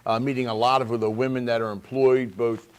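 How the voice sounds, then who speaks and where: A man's voice: medium pitch, flat delivery, a little fast. A man from Pennsylvania, a state representative, talking casually on a talk show in an earnest way, with many restarts.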